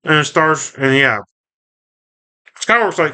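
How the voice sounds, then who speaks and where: A man's voice: mid-range voice, steady tone, unhurried, bright, forceful tone, clean tone. A man casually reading and reviewing a comic book, recapping the story in a rambling, self-correcting way.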